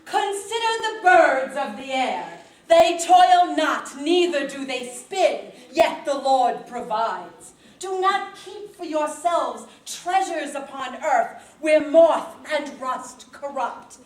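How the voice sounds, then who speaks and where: A woman's voice: high-pitched, animated, normal speed. A woman playing Jesus as a money-minded, wisecracking carpenter in an amateur comedy play, who swings from pious preaching to haggling. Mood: preachy. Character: schmoozing Yiddish-talking carpenter Jesus, male, money-minded. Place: synagogue stage. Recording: echoey hall.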